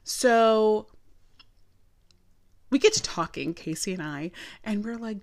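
A woman telling a personal story to her camera from home. She talks in an animated, chatty way, full of emphatic asides. Her voice sits at a middle pitch. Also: slow pace, long pauses. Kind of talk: casual storytelling. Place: her apartment.

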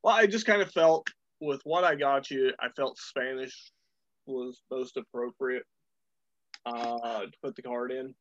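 A man's voice: medium pitch, a little slow, fairly bright tone, no echo. Laughing, swearing man on a lo-fi recording. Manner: laughing, swearing, rambling with fillers. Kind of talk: casual chat. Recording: dull lo-fi recording.

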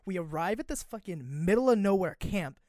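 Lively young woman swearing through a story. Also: on the low side, brisk, dry recording, studio quality. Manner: animated, swears freely, acts out quotes. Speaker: podcast co-host. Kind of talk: casual chat.

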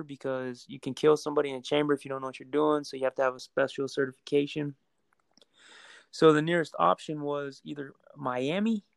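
A man telling his own story in a casual chat, earnest and calm, often repeating words as he goes. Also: a little high, vocal fry, no echo.

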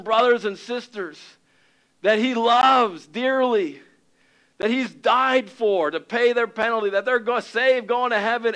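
A pastor preaches a sermon to his congregation in a fairly high-pitched voice, captured on poor audio. He's animated, acting out little scenes in excited, raised tones before dropping quieter for earnest points.

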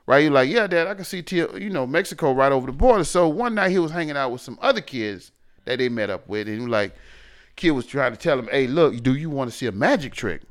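Animated man telling stories. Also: medium pitch, quick pace. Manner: animated storyteller, swings between loud and quiet. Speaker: podcast co-host. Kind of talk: casual chat.

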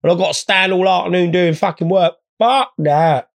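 A man's voice: sits high, moderate pace, creaky. A man telling rambling, sweary comic anecdotes in a blokey way. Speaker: storyteller. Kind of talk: comic storytelling.

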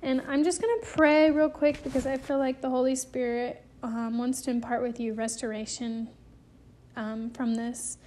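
Earnest high-voiced woman preaching. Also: steady tone, normal speed, a little mellow, slight background noise. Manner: emotional, close to tears. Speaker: podcast host. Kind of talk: devotional podcast talk.

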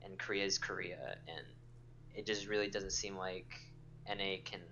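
A man's voice: low voice, steady tone, unhurried, sharp tone, dull audio, a little hiss or hum. A man calling in to a podcast, talking hesitantly with many fillers. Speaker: caller. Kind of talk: casual chat.

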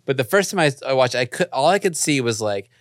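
A man's voice: medium pitch, expressive, fast, dry recording, studio quality. A man co-hosting a podcast in casual chat, laid-back and hesitant, laughing through his sentences. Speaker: podcast co-host.

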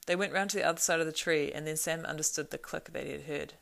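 A woman reads a storybook aloud in a measured, expressive way. Her voice sits low for a woman, with a steady gravelly rasp. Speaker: audiobook narrator. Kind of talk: storybook narration.

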